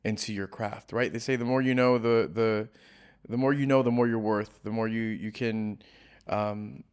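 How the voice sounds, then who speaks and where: A man's voice: fairly low pitch, fairly even intonation, normal speed, darkish tone, clean tone. Eager man interviewing, many restarts. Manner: enthusiastic, restarts a lot, laughs along. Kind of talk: casual conversation.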